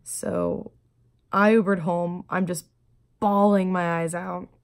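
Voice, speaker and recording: A woman speaks to the camera in a personal video diary, her voice sitting a little low. She talks quietly and haltingly, with frequent pauses, fillers and restarts. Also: steady tone. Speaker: vlogger.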